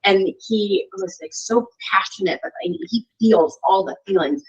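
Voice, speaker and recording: A woman guest on a podcast tells a story in a loose, chatty way, scattering "like" and "you know" through her sentences. Her voice has a husky, slightly breathy edge at an ordinary middle pitch. The recording is dull and lo-fi, with the top end muffled. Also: normal speed. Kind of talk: casual interview chat.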